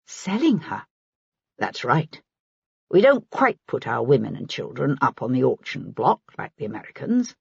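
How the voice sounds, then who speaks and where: A woman voicing a reserved aristocratic gentleman who speaks in a bland, measured way in an audiobook. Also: very deep voice, creaky, breathy edge, no room sound, muffled recording, full character voice.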